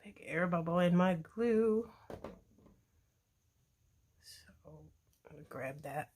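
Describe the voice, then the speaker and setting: Low-voiced woman chatting through a craft project. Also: slow. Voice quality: relaxed, chatty, self-deprecating asides. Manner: talks to viewers while working with her hands. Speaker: crafting video host. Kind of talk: casual tutorial narration while crafting.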